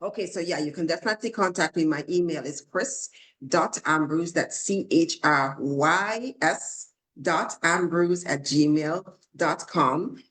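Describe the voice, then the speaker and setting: A woman from Antigua with an Antiguan accent, a life coach answering interview questions in a confident, measured way. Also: low voice, a bit bright, rough recording. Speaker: guest, life coach and speaker.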